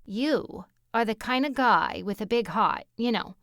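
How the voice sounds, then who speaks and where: A woman's voice: on the high side, expressive, a little slow, fairly bright tone, no room sound, clean studio sound. A woman voicing a brash, self-absorbed woman on a date, with a Bronx accent and a gushing, over-eager way of talking.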